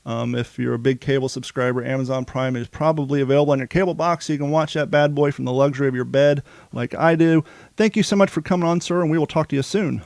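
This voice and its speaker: A man's voice: mid-range voice, fairly even intonation, fast, gravelly, a little mellow, no room sound. A man co-hosting a podcast, talking casually and rambling with frequent restarts. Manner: rambling, self-interrupting. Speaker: podcast co-host.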